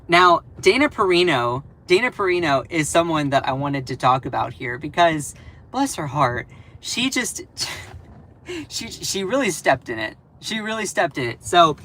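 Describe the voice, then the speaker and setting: Bright-voiced man, sarcastic streamer. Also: a little high, low-quality recording. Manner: animated, sarcastic, laughs often. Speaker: political commentary live streamer. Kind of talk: live stream commentary.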